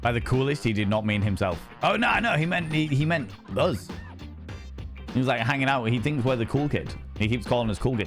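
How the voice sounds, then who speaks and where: A young man streaming a game, talking in an excitable, sweary, rambling way. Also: medium pitch, fairly quick, soft background music. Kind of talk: casual game commentary.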